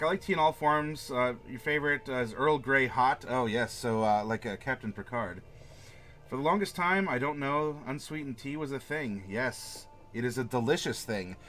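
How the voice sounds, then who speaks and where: A talkative man hosts a casual livestream in a mid-range voice. He rambles from one viewer comment to the next and laughs often. Faint music plays quietly under him. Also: medium pitch. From Florida. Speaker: livestream host.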